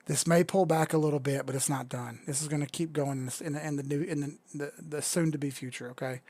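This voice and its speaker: A young adult man hosting a casual crypto livestream, chatty and excitable, swearing freely as he talks viewers through charts. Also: fairly high pitch, dry recording.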